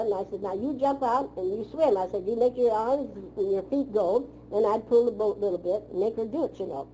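A woman's voice: fairly high pitch, warm tone, slight background noise, rough recording. An older woman reminiscing in a rambling, outspoken way, telling old family stories in folksy phrasing during an interview. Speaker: oral history interviewee.

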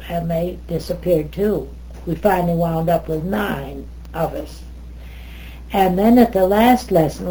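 An older American woman telling stories in an interview, lively, wandering, and often correcting herself. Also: lowish voice, slight background noise, low-quality recording. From United States. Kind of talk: oral history storytelling.

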